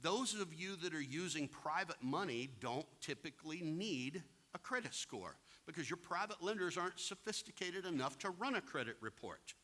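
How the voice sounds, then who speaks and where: Male seminar speaker, plain-spoken, bright forceful tone, lively pitch. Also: normal speed, few pauses. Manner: animated, plain-spoken, direct to the audience. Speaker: real estate investing seminar speaker. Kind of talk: seminar talk with acted-out anecdotes.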